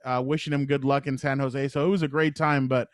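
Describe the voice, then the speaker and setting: A man's voice: medium pitch, little pitch movement, a little fast, no room sound, studio quality. A young man co-hosting a podcast, telling a casual, rambling weekend story full of fillers and laughing asides. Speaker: podcast co-host.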